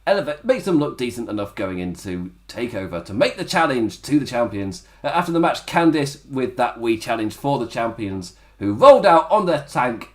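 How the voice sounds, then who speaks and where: A man's voice: mid-range voice, very animated, normal speed, hardly any pauses. Laughing, rambling man reviewing. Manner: rambling, laughs often, does mock voices. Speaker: wrestling review podcast host. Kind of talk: casual solo review commentary.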